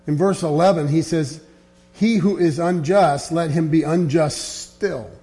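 A man preaching a sermon, reading scripture aloud and dropping low and quiet to press his points. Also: unhurried. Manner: earnest, quotes scripture, drops low and quiet on key points.

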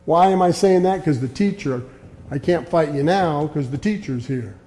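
Earnest man preaching with a mellow voice. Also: animated, moderate pace. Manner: earnest, quotes scripture, drops low and quiet on key points. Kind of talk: sermon.

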